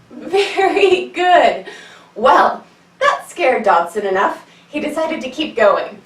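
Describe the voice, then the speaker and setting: A woman's voice: high-pitched, takes it slowly, reverberant, recorded from a distance, a little hiss or hum, rough recording. Playful woman leading a kids' yoga story. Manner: playful, sing-song, animated cues. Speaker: kids yoga teacher. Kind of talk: storytelling yoga class for children.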